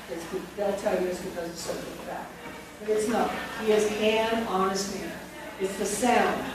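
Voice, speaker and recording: A woman leading a phonics workshop for teachers, slowly dictating words and sounding each one out. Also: medium pitch. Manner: slow, deliberate, sounds words out. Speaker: teacher trainer. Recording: echoey, distant, noisy room recording.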